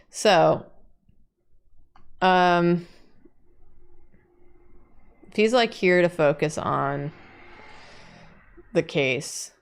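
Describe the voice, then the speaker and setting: Woman teaching drawing, chill chatty, lotta "like"s, kinda low voice. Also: expressive, very slow, long pauses, clean tone. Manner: chatty, many "like"s, playful jokes. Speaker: drawing instructor. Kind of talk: casual chat while teaching drawing.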